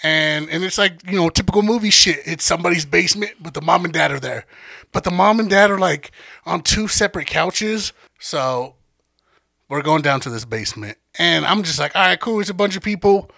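A young man with a gravelly, bright voice, pitched a little high for a man, tells a rowdy story. He acts out every line of dialogue and laughs as he goes. The sound is dry and close, with no room around it. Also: brisk, no room sound. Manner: animated, acts out quotes, laughs often. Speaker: podcast guest storyteller. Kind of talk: casual profane storytelling.

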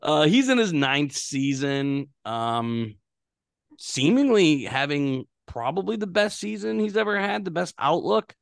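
Male podcast co-host, animated pitch, dry close mic, casual stats talk. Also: unhurried, creaky, dry recording. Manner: conversational, stats-heavy, many fillers. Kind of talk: casual sports podcast chat.

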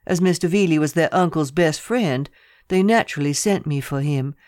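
A calm young male secretary in a recorded novel, talking in a low, matter-of-fact way, as the narrator puts him on. His voice sits at an ordinary pitch, and the recording is dry and close. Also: normal speed, no echo, close to an everyday voice. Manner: low, steady, businesslike delivery. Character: young male private secretary, cool and businesslike. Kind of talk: audiobook character reading.

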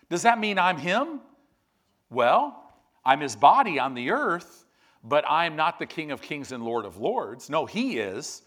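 A man delivers a sermon, telling stories in lively, loud bursts before dropping into low, quiet emphasis.

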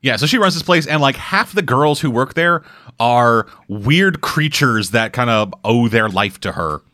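A man co-hosting a podcast, telling a story in casual, profane, animated chat. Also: medium pitch, a little slow. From Canada. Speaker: podcast co-host.

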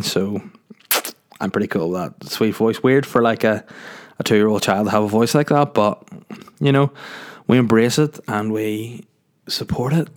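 Northern Irish male podcast host, lowish voice, loose rambling jokey monologue. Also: steady tone, measured pace, pauses often. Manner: rambling and jokey, with filler words.

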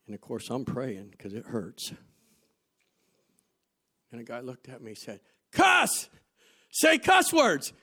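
A man preaching a sermon, asking the congregation rhetorical questions and telling stories from his own life, going from loud emphasis to quiet asides. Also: mid-range voice, fairly even intonation, measured pace, pauses often, breathy edge. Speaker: pastor.

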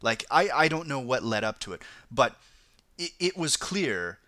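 A man talks through news items in a loose, casual podcast chat, stumbling over restarts. His voice is bright and lively in pitch, and the recording is dry and close. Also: moderate pace, no room sound. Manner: chatty, stammering restarts, laughs often. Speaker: podcast host reading news.

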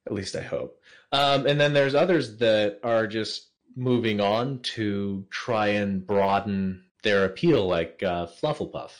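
Speaking slowly in a fairly low voice, a man appears as the guest on a casual podcast. He answers questions hesitantly, filling his replies with lots of ums and laughing easily.

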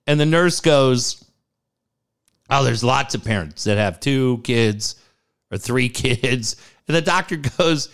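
A man's voice: a little slow, gravelly. A man telling a personal story in a casual chat, acting out what people said with big jumps in his voice. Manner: animated, acts out quotes with big pitch jumps.

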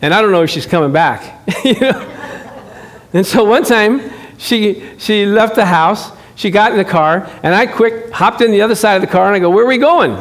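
A middle-aged man preaching a sermon, telling a married-life story with animated acted-out dialogue and frequent chuckles. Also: sits high, normal speed. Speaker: pastor. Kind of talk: sermon with personal stories.

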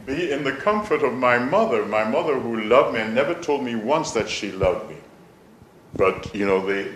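A man with a somewhat low voice tells his story very slowly, musing aloud with soft, self-mocking humour. His voice carries the echo of a roomy space. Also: a little hiss or hum. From Jamaica. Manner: soft-spoken, musing, with chuckles and self-mockery. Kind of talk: reflective personal storytelling.

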